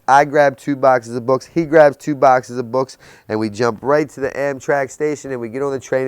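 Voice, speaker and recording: A man's voice: mid-range voice, clean tone, no echo. A man in his thirties giving an intense personal testimony about addiction and recovery, building his story with rhetorical questions. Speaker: recovery speaker.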